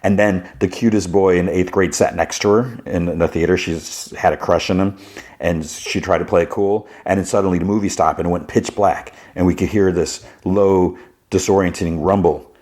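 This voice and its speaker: A man's voice: sits low, fairly even intonation, normal speed, a little mellow. A man hosting a podcast, retelling a show's plot in a loose, rambling way full of filler words. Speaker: podcast host. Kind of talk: casual plot recap.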